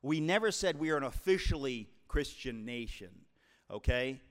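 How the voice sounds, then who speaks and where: A man's voice: mid-range voice, animated, normal speed, a bit bright. A man in his sixties from the New York area, an author giving an emphatic, preacherly talk to a live audience and calling them folks. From New York tri-state area, USA. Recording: long hall reverb.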